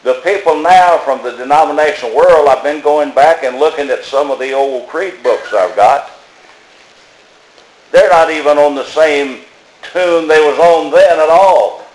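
Older man, preacher, plainspoken folksy sermon, fairly high voice, roomy echo. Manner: plainspoken, storytelling, repeats phrases. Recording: echoey room.

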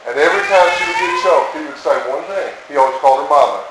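A man's voice: a little high, fast talker. A man preaching a sermon in an earnest, emphatic way, often repeating his key phrases. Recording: echoey room with faint noise.

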